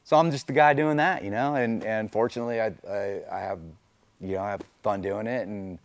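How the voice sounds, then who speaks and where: A man's voice: on the low side, steady tone, a little fast, no room sound. A middle-aged man, a race car driver, telling stories in a loose, chatty way full of "you know" fillers. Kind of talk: casual storytelling interview.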